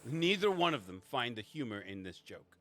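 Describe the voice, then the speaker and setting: A man's voice: medium pitch, very animated, moderate pace, fairly bright tone. A man running a tabletop game as game master, casual and swearing, with frequent restarts.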